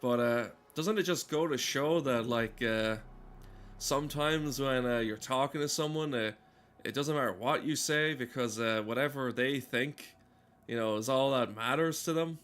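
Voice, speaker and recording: A man streaming a game, talking in deadpan, rambling casual comedy full of hesitations. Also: mid-range voice, moderate pace. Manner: deadpan, rambling, heavy with "uh" fillers. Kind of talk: casual rambling comedy chat while gaming.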